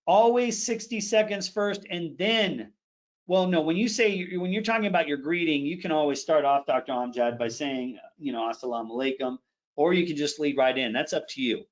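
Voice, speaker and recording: A middle-aged man teaching public speaking in a live online session, energetically demonstrating phrases with sudden shifts in pitch and pace. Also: normal speed, muffled recording.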